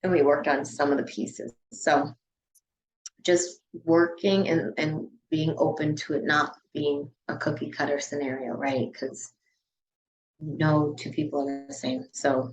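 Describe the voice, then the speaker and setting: A woman with a low-pitched voice talks casually as a podcast guest. She runs a dance studio and peppers her sentences with "you know" and "like" as she goes. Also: steady tone, unhurried, slight background noise, low-quality recording. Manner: chatty, frequent "you know" and "like" fillers.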